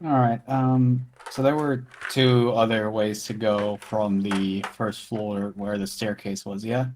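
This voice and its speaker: A man's voice: lowish voice, flat delivery, slow pace, a little mellow, slight background noise. A man playing in a tabletop game, talking casually and asking questions. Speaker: player.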